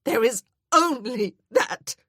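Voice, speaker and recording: A woman's voice: on the high side, unhurried, slightly rough, no room sound, studio quality, voice pushed up. A woman voicing a grief-stricken young widow in tearful, wailing outbursts. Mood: anguished.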